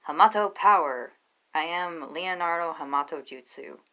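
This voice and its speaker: A woman's voice: low voice, moderate pace. A woman voicing an earnest, nervous teenage boy hero in a read-aloud story. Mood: cocky.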